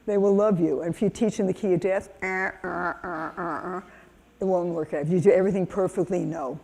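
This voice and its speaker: An older woman from the United States delivers a keynote with animated energy, acting out children's voices in her stories. Her voice is mellow and warm rather than bright. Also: on the low side, fast talker. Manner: animated storytelling, acts out kids' voices. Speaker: keynote speaker. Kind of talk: lively conference talk.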